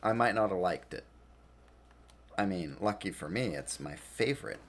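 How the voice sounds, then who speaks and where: Tired, rambling man with a low voice. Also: lively intonation, normal speed, a little hiss or hum. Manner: rambling, self-deprecating, laughs often. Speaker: game streamer. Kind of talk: casual gaming stream chat.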